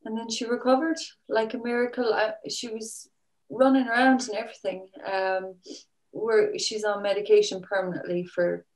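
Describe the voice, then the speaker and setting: A woman's voice: on the high side, level tone, normal speed. Chatty Irish-born woman, echoey room. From Ireland. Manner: chatty, rambling storyteller. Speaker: musician guest. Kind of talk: casual chat.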